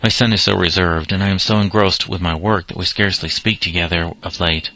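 A man's voice: low voice, fairly even intonation, brisk, sharp tone, a little hiss or hum. A man reading the lines of an anxious middle-aged mother, in a plain read-aloud voice.

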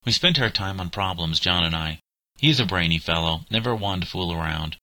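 A man's voice: low voice, lively intonation, a little fast, pushed and bright, no room sound, full character voice. A man reading an indignant young schoolboy. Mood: chatty. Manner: indignant, bitter.

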